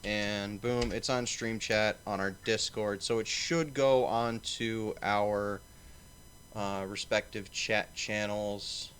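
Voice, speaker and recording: A man's voice: on the low side, steady tone, takes it slowly, a bit bright, clear, resonant tone. A man hosting a casual livestream panel, swearing and rambling with lots of fillers. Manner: profane, rambling, filler-heavy. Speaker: stream host.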